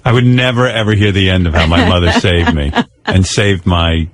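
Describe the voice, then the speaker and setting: A man hosting a radio show, chatting casually in an animated, self-mocking way and swearing freely. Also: deep voice, normal speed, dry recording. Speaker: radio host.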